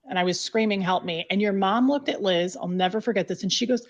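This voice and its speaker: A woman's voice: mid-range voice, brisk, hardly any pauses. A woman bluntly telling her own story in casual talk, swearing freely and filling with "like". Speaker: guest recounting her past. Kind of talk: candid conversational storytelling.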